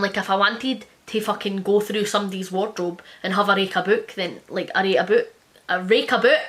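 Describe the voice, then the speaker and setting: A woman book reviewer in a casual vlog, blunt, sarcastic and sweary, who reads quoted reviews out fast and quietly. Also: medium pitch.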